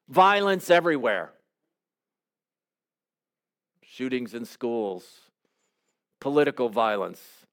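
A man preaching a sermon as pastor, in measured, emphatic phrases. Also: mid-range voice.

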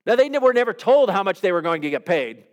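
A man's voice: high voice, big pitch swings, quick pace, clear, resonant tone. A man preaching a sermon in a conversational way, often putting questions to his listeners. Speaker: pastor.

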